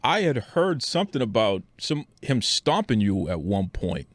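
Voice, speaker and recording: A man's voice: medium pitch, big pitch swings, a little slow, a little hiss or hum. A man hosting a podcast interview, eagerly prompting his guest with questions. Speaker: podcast host.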